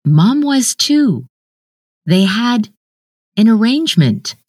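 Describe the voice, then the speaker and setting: A woman reading the lines of a gentle, apologetic older brother speaking over the phone. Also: fairly high pitch, very animated, slow pace, husky, no room sound, studio quality, pitched above the performer's own voice, exaggerated voice.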